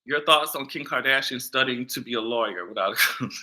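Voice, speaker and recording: A man giving casual pop culture commentary and reacting to a live chat, profane and loud, often bursting into laughter and shrieks. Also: mid-range voice, brisk.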